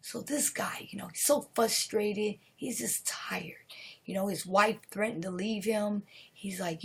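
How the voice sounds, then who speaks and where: A woman's voice: medium pitch, unhurried, gravelly, very noisy. A woman live streaming, telling a horror story in a rambling way, with restarts and dips into whispers.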